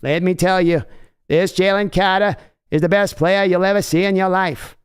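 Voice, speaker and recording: A man's voice: sits high, steady tone, moderate pace, clear, resonant tone, voice pushed up, natural voice. A man voicing an old-fashioned male politician with a Boston accent, speaking in a sweeping oratorical way. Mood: grandiose.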